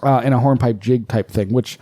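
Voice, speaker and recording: A man's voice: medium pitch, steady tone, brisk, mellow. A man co-hosting a casual podcast who swears freely and explains things in a rambling way. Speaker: podcast co-host.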